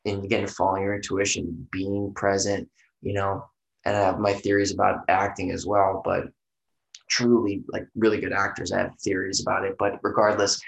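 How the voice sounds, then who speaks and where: Gravelly, rambling man in echoey room. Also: deep voice, monotone, normal speed. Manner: rambling, loose and profane, heavy use of fillers like "you know" and "right". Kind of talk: casual podcast conversation.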